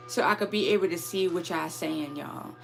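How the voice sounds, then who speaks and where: Hosting a casual live spiritual reading on her phone camera, a woman speaks at normal speed in a lowish, creaky voice while music plays in the background. She is chatty and affectionate with her viewers, calling them "my babies" and "y'all."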